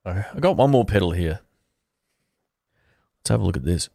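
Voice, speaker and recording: A man's voice: deep voice, animated, fairly quick, creaky, warm tone, no echo, clean studio sound. A man hosting a guitar channel, chatting casually on a livestream and answering viewers, rambling and restarting his sentences in an easygoing way.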